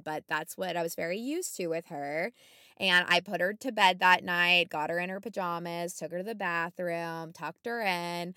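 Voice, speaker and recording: A woman co-host tells a story in a casual, lively way, full of fillers, and acts out the lines people said. Her voice is bright and clear. The recording is close and dry, with no room sound. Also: fairly low pitch, no echo. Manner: animated, many fillers, acts out quotes. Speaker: podcast co-host.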